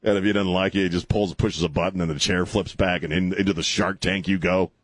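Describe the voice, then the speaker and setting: A man's voice: sits low, steady tone, brisk, no echo. A male talk radio host ranting and mocking on a call-in show, laughing at his own jokes. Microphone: studio microphone.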